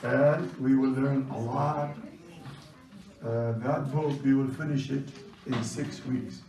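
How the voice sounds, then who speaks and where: A man teaching a language class, brisk and commanding, who repeats his instructions. His first language is Chaldean Aramaic. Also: mid-range voice, steady tone, music in the background. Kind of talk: classroom lecture. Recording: roomy, distant classroom recording.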